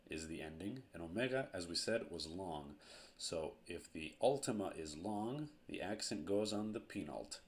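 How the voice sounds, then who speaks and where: A man teaching a grammar lesson at a board, slow and deliberate, repeating each verb form. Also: deep voice.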